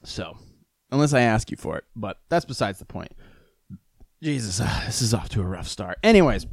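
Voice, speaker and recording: A man's voice: fairly low pitch, very animated, moderate pace, creaky, no room sound, studio quality. A man hosting his own podcast in a rambling, profane, self-mocking chat, struggling with the hiccups. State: has the hiccups. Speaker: podcast host. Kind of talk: casual solo podcast rant.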